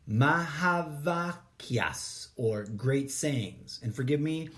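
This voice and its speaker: A man hosting a podcast reads spiritual quotes at an unhurried, deliberate pace. His voice sits in a middle pitch. He keeps stopping to correct himself in relaxed asides. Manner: slow, deliberate reading with self-correcting asides. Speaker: podcast host. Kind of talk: reading spiritual quotes with commentary.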